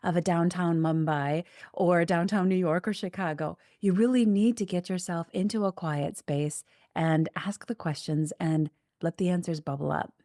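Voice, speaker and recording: A podcast host with a lowish voice, recorded dry and close with no room sound. She answers her guest in calm, affirming, reflective sentences. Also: normal speed, hardly any pauses, no echo. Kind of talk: interview hosting.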